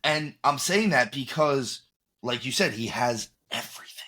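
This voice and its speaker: A man's voice: mid-range voice, animated, a little slow, pushed and bright. A man co-hosting a podcast in casual chat, opinionated and emphatic, often restarting his sentences. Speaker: podcast co-host.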